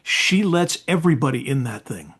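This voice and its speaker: A man's voice: mid-range voice, very animated, moderate pace, breathy edge. A man hosting a hot rod podcast in casual interview chat, telling stories and nodding along with short affirmations. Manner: chatty, warm affirmations, storytelling asides. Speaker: podcast host.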